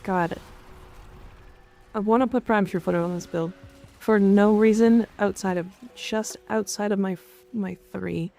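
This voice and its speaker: A woman game streamer talks loosely with viewers, profane and offhand as she rants. Her voice is gravelly and dark-toned, sitting at a middling pitch. Soft music plays faintly underneath. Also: fairly even intonation, measured pace. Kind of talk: casual gaming stream chat. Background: faint background music.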